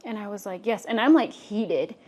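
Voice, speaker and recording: A young adult woman, co-hosting a podcast and telling a personal story in a casual, animated way with many fillers. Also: medium pitch, moderate pace. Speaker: podcast co-host.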